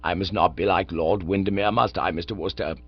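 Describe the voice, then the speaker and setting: Guy doing a solemn old lord, low and slow, dry slightly muffled audiobook sound. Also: steady tone, no echo. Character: elderly pompous lord, sentimental, slow and grave. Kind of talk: audiobook character voice.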